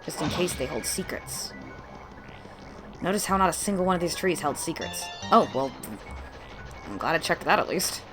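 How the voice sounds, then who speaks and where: A woman's voice: low-pitched, lively intonation, normal speed, pauses often, over music. A woman from Texas casually commenting on a video game she is playing, with playful asides. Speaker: let's play host.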